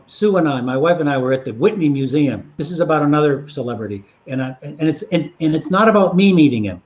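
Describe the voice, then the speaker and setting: A man's voice: a little high, darkish tone, muffled recording. A man telling long anecdotes in a casual chat. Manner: rambling anecdotal storytelling. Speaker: guest storyteller.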